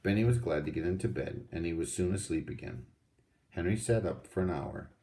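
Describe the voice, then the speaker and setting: A man reading a children's storybook aloud in a steady, unhurried way. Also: low-pitched. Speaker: audiobook reader.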